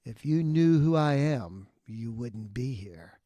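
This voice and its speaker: A brooding fallen angel, proud and half mad, as a male storyteller puts him on. He speaks low and mutters, sliding into whispers, and the voice sits well below the narrator's own. The sound is close and dry. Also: lively intonation, slow pace, warm tone, no echo. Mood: muttering.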